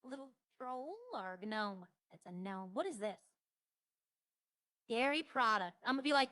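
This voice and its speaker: A young woman with a fairly high voice chats casually while streaming a roleplay game, musing aloud and listing items as she browses. The sound is dry and close, with no room echo. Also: animated, unhurried, long pauses, sharp tone.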